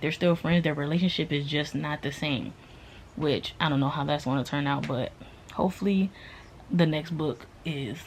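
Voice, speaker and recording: A woman's voice: low voice, darkish tone, slight background noise. A woman chatting casually through a book review, rambling with lots of fillers.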